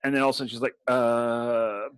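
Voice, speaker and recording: A man's voice: medium pitch, little pitch movement, very fast, a bit bright, no echo, low-quality recording. A man in casual chat about tabletop games, rambling with restarts and laughing often. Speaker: game master and podcast host.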